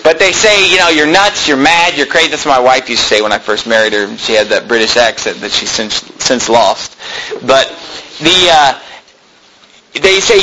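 A male pastor preaching an intense sermon, building to shouted quotes and stumbling over quick restarts. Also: medium pitch, slight background noise, low-quality recording. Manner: intense preaching, rising to shouts when quoting, with stammered restarts. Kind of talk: fervent sermon.

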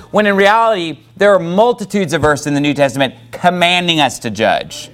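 With a smooth, fairly bright voice that's slightly high, a pastor preaches fairly quickly and animatedly, barely pausing. He reads King James scripture with mounting emphasis and slips into chatty asides with fillers.

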